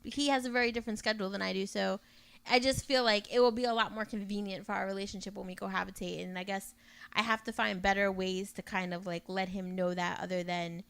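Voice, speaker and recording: A young adult woman in casual podcast chat, telling a story in an animated way with many "like"s. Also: medium pitch, fast, creaky, clean tone.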